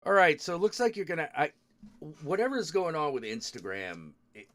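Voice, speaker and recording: A man's voice: on the high side, wildly swooping pitch, brisk, fairly bright tone. Muttering man fighting with his tech. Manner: frustrated muttering, swearing at tech. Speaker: streamer host. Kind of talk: casual live-stream chat.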